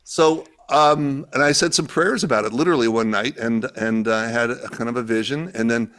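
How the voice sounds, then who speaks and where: Speaking from home on a remote call, this US event organizer appears as a guest and relates a story casually, voicing the lines he quotes. He has a medium pitch, a normal pace and a slightly bright sound.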